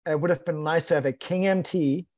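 A podcast guest with a fairly high-pitched voice talks a little fast in an echo-free recording. Telling a story casually, he stays lively, acts out quoted dialogue, and leans on self-deprecating humor.

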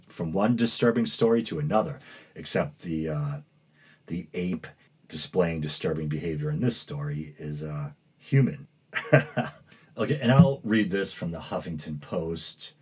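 Male podcast host, New England accent, deep and extremely clear voice, rambling, hesitant delivery. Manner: rambling, hesitant, with many fillers and self-corrections. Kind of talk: casual commentary, reading news aloud.

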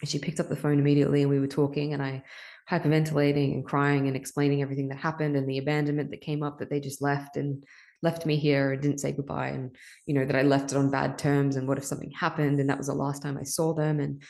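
Low, gravelly woman sharing openly. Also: flat delivery, fast talker, darkish tone. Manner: emotional, confessional, swears freely. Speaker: podcast host. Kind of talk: candid personal monologue.

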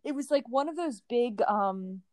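A woman's voice: on the high side, normal speed, no room sound. A woman co-hosting a podcast in casual chat, telling stories with lots of laughter. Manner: animated storyteller, laughs often. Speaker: podcast co-host.

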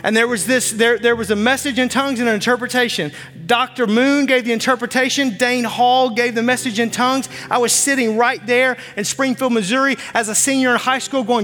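A man's voice: very high-pitched, normal speed, bright, forceful tone. A man in his forties preaching a sermon as pastor on a church stage, impassioned and repeating his phrases. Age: 40s. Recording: long church reverb with faint music.

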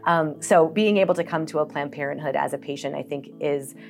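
A woman with a notably low voice talks earnestly as a guest on a podcast interview. She is from Colorado and leads a health organization. Her storytelling is open and personal, with some fillers along the way. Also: a little fast, creaky, darkish tone, faint music behind. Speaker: nonprofit health organization CEO.

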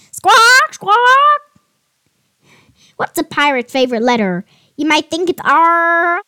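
Squawky loud pirate parrot lady doing the voice, bright and sharp, keeps butting in with jokes. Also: sits high, dry recording, studio quality, pitched above the performer's own voice, heavily acted. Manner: pushy, keeps interrupting to tell jokes. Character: cheeky joke-cracking pirate parrot.

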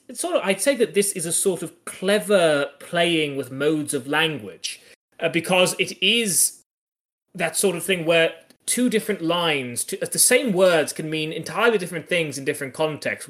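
A man's voice: on the high side, lively intonation, moderate pace, a bit bright. A man co-hosting a podcast, talking through a classic comedy in a thoughtful, casual way with frequent restarts. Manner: thoughtful, restarts and hedges while analysing. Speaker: podcast co-host. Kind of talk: casual discussion of a classic play.

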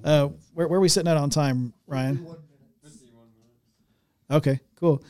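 A man hosting a podcast in casual chat, easygoing, laughing often and filling pauses with "um" and "uh". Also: a little high, steady tone, a little mellow. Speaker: podcast host. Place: small podcast studio. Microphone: studio mic.

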